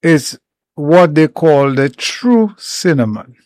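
A man explaining herbal remedies in an informal talk, unhurried and step by step, with many pauses. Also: on the high side, lively intonation, darkish tone, dry recording. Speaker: herbal educator.

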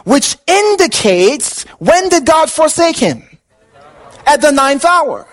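A man with a strikingly high-pitched voice delivers an impassioned sermon. He asks his listeners questions and repeats words to drive the point home. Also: very animated, slow, a bit bright, rough recording. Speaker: pastor.

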